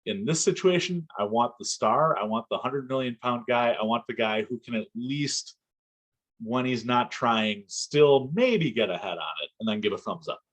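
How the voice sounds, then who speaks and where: A man co-hosting a casual football podcast, talking in an animated, excitable way and laughing often. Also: mid-range voice, moderate pace. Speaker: podcast co-host.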